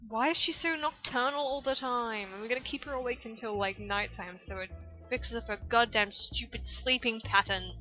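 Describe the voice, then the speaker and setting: A woman's voice: on the high side, moderate pace, sharp tone, lo-fi sound. Woman gamer, casual let's-play, swears freely, game music underneath. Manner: profane, chatty, rambling. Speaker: gaming video host.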